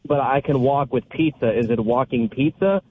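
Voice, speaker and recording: A man's voice: mid-range voice, normal speed. A man calling in to a radio show, teasing and arguing animatedly with the host. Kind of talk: call-in radio banter. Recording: tinny phone line with faint hiss.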